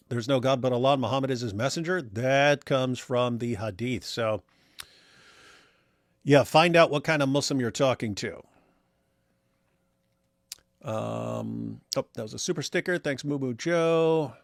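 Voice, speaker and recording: Brief: male co-host, mid-pitched, dry close sound, wry and rambling. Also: normal speed, dry recording. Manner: rambling, wry, many restarts. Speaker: livestream co-host reading super chats. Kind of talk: casual livestream chat.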